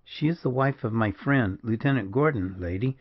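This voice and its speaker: A man reading the part of a gallant, rough soldier who speaks gently but firmly. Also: medium pitch, lively intonation, moderate pace, lo-fi sound, natural voice. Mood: earnest.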